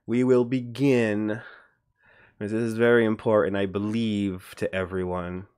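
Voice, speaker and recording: A man hosting a casual livestream, rambling and greeting viewers by name, his voice jumping up when he gets animated. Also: fairly low pitch, measured pace, clean tone, dry recording, studio quality. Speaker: livestream host.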